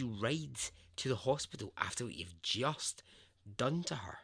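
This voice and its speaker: A man's voice: medium pitch, sing-song, measured pace, creaky, fairly bright tone, breathy edge. A man hosting a podcast, telling a true story in a conversational, emphatic way and swearing freely. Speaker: podcast host.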